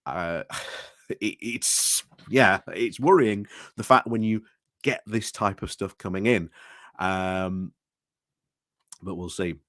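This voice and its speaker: A man's voice: low voice, slow pace, pauses often, fairly bright tone, no room sound, clean studio sound. A British man hosting a casual livestream, rambling through commentary with restarts and greetings to chat, recorded indoors at home. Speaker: livestream host.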